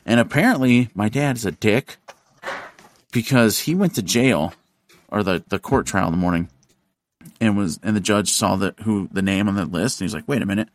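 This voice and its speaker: A man hosting a podcast, telling a story in casual chat, animated and profane, acting out the voices of the people in it. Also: fairly low pitch, moderate pace. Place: studio.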